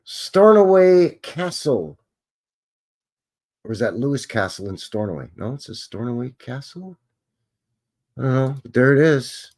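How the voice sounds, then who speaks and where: A man's voice: mid-range voice, moderate pace. A man hosting a live stream, musing and chatting as he thinks aloud over old photographs.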